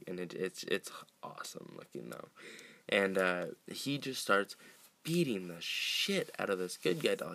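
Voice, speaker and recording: A man's voice: fairly low pitch, pushed and bright, clear, resonant tone. A man casually recapping a movie, rambling with lots of fillers, restarts, swearing and laughs.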